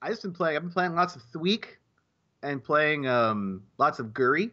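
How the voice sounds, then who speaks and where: A man's voice: fairly high pitch, lively intonation, normal speed, bright, forceful tone, dull audio. A man in casual podcast chat, rambling with many restarts and repeated words. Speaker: podcast co-host.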